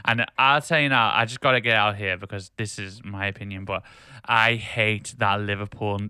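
A man's voice: fairly low pitch, steady tone, normal speed, bright, forceful tone, clean tone, dry recording, clean studio sound. A man co-hosting a casual podcast, ranting with strong opinions and laughing easily. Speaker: podcast co-host.

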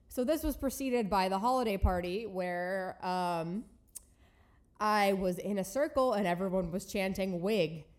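A young woman in her twenties, co-hosting a podcast and telling a story in a lively, casual way with quick impressions. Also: medium pitch. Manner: animated, laughing, quick impressions in dialogue. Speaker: podcast co-host. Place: New York.

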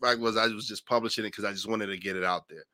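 A man hosting a podcast, talking casually with a cold and acting out his old doubts in a deep radio voice. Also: fairly even intonation, quick pace, bright, forceful tone, no echo, clean studio sound. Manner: storytelling, acts out his own past thoughts. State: has a cold. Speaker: podcast host.

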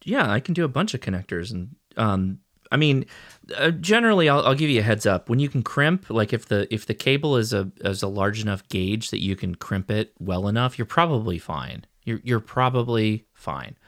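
A man's voice: lowish voice, expressive, moderate pace, fairly bright tone. Joking, rambling male podcast co-host. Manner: rambling, jokey, self-deprecating. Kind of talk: casual chat.

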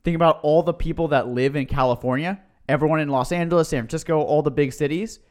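A man co-hosting a casual podcast, telling history in an excitable, joking way. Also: a little high, quick pace. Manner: excitable, tells history with jokes. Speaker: podcast co-host. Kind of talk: casual chat.

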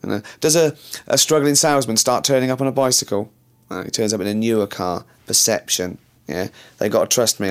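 A man's voice: lowish voice, lightly acted. An actor playing a self-important, pompous male office boss in a sitcom. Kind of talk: sitcom acting.

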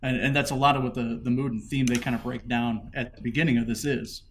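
A man's voice: medium pitch, steady tone, quick pace, slight background noise. A man on a casual podcast who explains things thoughtfully, restarting his sentences as he goes. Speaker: podcast co-host.

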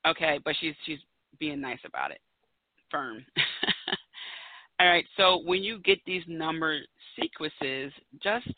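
A woman's voice: low voice, sing-song, slow pace, long pauses, no room sound. A woman in her thirties hosting a solo podcast, talking in a chatty, emphatic way and pressing her points home. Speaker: podcast host. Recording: tinny phone-like dry audio.

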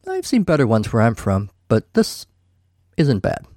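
A man's voice: mid-range voice, wildly swooping pitch, a little slow, darkish tone, no echo, clean studio sound. A man voicing a glittery, pointy-eared young male elf who talks in a light, offhand, teasing way. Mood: breezy.

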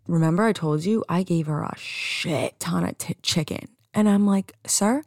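A woman's voice: fairly low pitch, vocal fry, dry recording, studio quality. A young woman hosting a casual solo podcast, telling stories in a chatty way with frequent restarts and some swearing. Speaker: podcast host.

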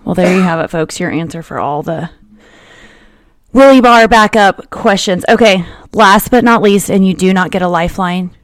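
Teasing her guest and laughing easily, a thirtysomething podcast host keeps the conversation casual and playful. She speaks on the low side, and the studio-quality recording has no echo.

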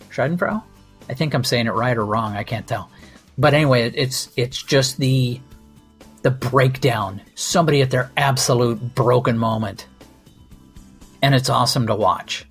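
A man's voice: medium pitch, slightly rough. A man hosting a comedy podcast in a sardonic, profane, self-mocking monologue. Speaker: podcast host.

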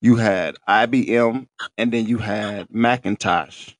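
A man's voice: on the low side, slow, no room sound. A man in his thirties co-hosting a casual podcast, bantering loosely and cursing. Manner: laid-back, profane banter. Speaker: podcast co-host.

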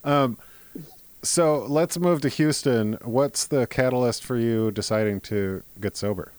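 A man hosts a podcast interview in a relaxed, casual way, asking questions and reacting briefly. His voice sits at a middle pitch and sounds dry and close. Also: measured pace, clear, resonant tone, no room sound. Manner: relaxed, laughs, short reactions. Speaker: podcast host.

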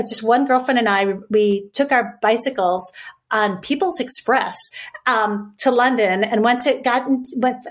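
A woman in her sixties from the United States, a podcast guest telling her life story in a chatty, animated way with many fillers. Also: on the high side. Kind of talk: casual storytelling interview.

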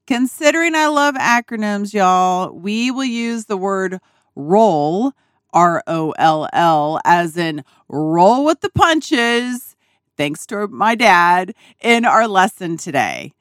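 Lively, slow-talking woman telling a story. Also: medium pitch, smooth, no room sound, clean studio sound. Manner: animated, laughing, casual swearing. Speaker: podcast host. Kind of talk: casual storytelling monologue. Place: small RV dinette.

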